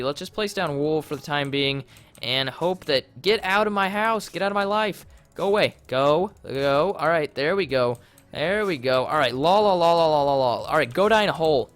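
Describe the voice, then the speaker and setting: Young man streaming, fretful and rambling. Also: on the high side. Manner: rambling, easily flustered, bursts into loud panicked yelling. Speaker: livestreamer playing a modded block game. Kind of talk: casual gaming livestream commentary.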